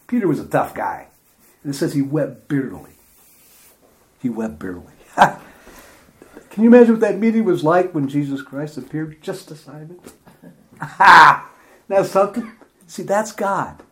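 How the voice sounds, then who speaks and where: A man giving an informal Bible study talk, enthusiastic and chatty, laughing often as he reads and retells verses. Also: fairly high pitch. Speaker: Bible teacher.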